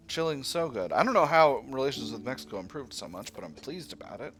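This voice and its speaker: A man's voice: medium pitch, sing-song, fast talker, few pauses, fairly bright tone, faint music behind. A man casually commentating his own strategy gameplay, thinking aloud with fillers and playful asides to himself. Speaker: strategy game let's player.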